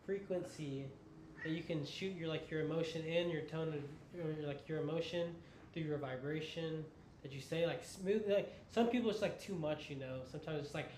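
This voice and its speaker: A young man talking casually as a podcast guest, halting and saying "like" constantly. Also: fairly high pitch, darkish tone. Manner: halting, heavy use of "like". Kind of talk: casual chat. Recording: echoey room with faint noise.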